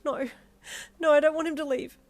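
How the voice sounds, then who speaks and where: Woman playing teenage girl, feisty, outspoken, high and loud, audio fanfiction. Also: lively intonation, normal speed, dry recording. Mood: distraught. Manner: pushy and loud.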